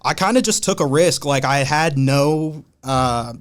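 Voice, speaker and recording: A man's voice: medium pitch, measured pace. Laid-back man telling stories casually. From Columbus, Ohio. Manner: laid-back, slangy storytelling. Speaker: podcast guest, hat designer. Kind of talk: casual conversation.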